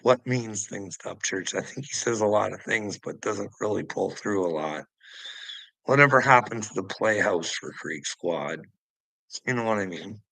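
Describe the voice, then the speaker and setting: A man's voice: lowish voice, normal speed, creaky, pushed and bright, no echo, low-quality recording. A man delivering an angry, scornful monologue that is heavy on swearing, calling out people online. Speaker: online commentator. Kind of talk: profane ranting monologue.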